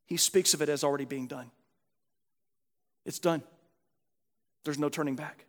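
A male pastor preaching a sermon, earnest, moving from animated emphasis to quiet, soft reflection. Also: a little high, normal speed. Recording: long hall reverb.

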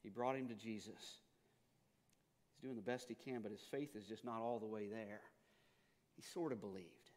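A man preaching a sermon, telling stories and moving between quiet, hushed passages and loud, urgent ones. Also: fairly low pitch, normal speed, long pauses. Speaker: pastor. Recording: long hall reverb.

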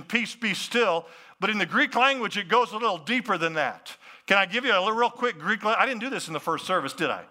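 Pastor, lively preaching with asides to the crowd, bright voice. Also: male voice, high-pitched. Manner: animated, talks to the crowd with questions and asides. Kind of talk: sermon.

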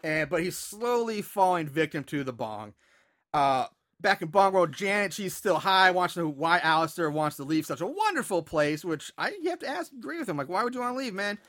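A man with a high, bright voice casually walks through a movie's plot on a podcast. He stumbles over his words, laughs often and talks loosely. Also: moderate pace. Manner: relaxed, laughing, retelling plot with filler words. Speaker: podcast host.

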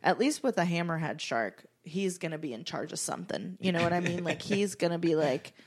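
A woman's voice: fairly low pitch, brisk, husky. Bawdy joking woman co-host. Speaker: podcast co-host. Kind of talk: casual chat.

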